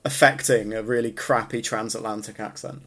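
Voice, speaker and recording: A man's voice: lowish voice, fairly even intonation, normal speed, fairly bright tone. A man co-hosting a podcast in casual comedic chat, joking and laughing often. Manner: joking, laughs often, trails off mid-sentence. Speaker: podcast co-host.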